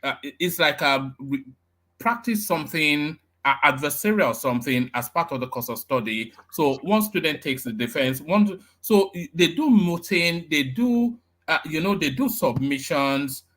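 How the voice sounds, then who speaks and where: A man speaking on a live online panel, halting, with many stammered restarts. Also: fairly high pitch, animated, fairly bright tone.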